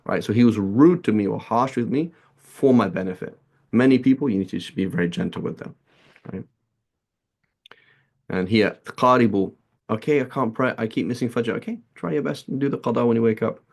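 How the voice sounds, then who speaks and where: A man's voice: mid-range voice, animated, a little fast, vocal fry, warm tone. A man teaching a religious lesson in a casual, chatty way, peppering his talk with "right?" and "like". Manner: chatty, many "right?" and "like" asides. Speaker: teacher of a hadith class. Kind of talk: casual lecture with anecdotes.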